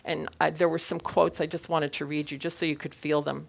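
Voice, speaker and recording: A woman's voice: low voice, level tone, fairly quick, creaky, few pauses. A middle-aged woman minister giving a Sunday sermon, telling a personal story in an earnest way and laughing often.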